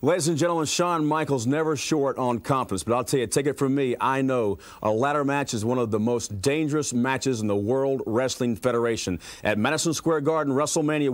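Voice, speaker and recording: A man hosts a wrestling TV segment in a smooth, measured presenter voice. His pitch sits in the middle of the range. The sound is dry and close, like old studio television. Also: dry recording. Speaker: TV wrestling host. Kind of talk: broadcast presenting. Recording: archival TV broadcast.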